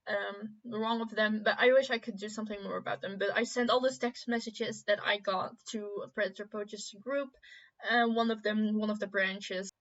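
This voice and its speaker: A woman with a fairly high voice talks casually to her viewers as a vlogger. She is chatty and halting, with plenty of fillers. The recording sounds dull and lo-fi. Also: fairly bright tone. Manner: chatty, hesitant with many fillers. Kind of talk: casual chat, retelling messages.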